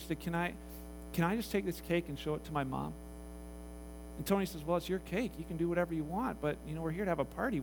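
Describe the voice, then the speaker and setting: High-voiced man preaching a story. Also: slight background noise, rough recording. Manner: animated, acts out voices in the story. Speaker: pastor. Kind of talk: sermon storytelling.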